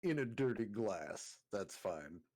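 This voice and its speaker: A man's voice: on the low side, sing-song, takes it slowly, a little mellow. A man playing in a tabletop game, laid-back and dry in his remarks. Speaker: player. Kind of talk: casual tabletop play.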